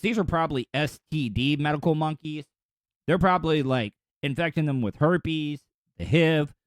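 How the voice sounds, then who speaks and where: A man's voice: fairly high pitch, no room sound, clean studio sound. A man hosting a podcast, riffing crude jokes over news clips in a rambling, offhand way. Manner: rambling, crude joking asides. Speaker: podcast host. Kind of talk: comedic news commentary.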